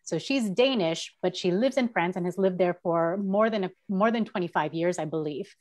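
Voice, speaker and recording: A woman's voice: fairly low pitch, normal speed, a little mellow. Polite woman hosting an interview. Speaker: host, managing editor.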